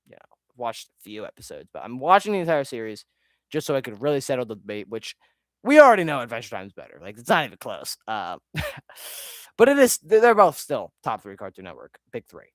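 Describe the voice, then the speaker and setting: Rambling, sidetracked male streamer with casual swearing and a lively up-and-down voice, recorded dry. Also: medium pitch, a little fast, no room sound. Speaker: video creator ranking his own videos. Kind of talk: casual live-stream chat.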